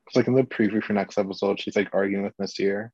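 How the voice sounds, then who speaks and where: A man with a low, husky voice co-hosts a casual podcast. He sounds easygoing and asks quick checking questions. The recording is dry and dull. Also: fairly even intonation, a little mellow, no echo. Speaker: podcast co-host. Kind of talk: casual recap chat.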